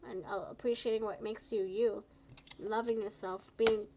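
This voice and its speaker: A woman doing a live tarot reading, chatty and encouraging, tired and low on energy, stumbling over her words now and then. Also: fairly even intonation, moderate pace, background noise. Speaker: tarot reader.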